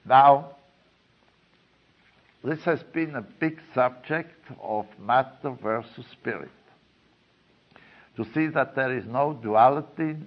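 A man giving a lecture in a slow, deliberate way, pausing often with fillers. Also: mid-range voice. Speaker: teacher of a study course. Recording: dull lo-fi recording.

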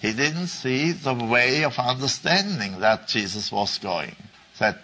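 Male religious teacher, very slow and deliberate delivery, mid-pitched voice, repeats key phrases. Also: expressive, pushed and bright, poor audio. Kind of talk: slow explanatory Bible talk.

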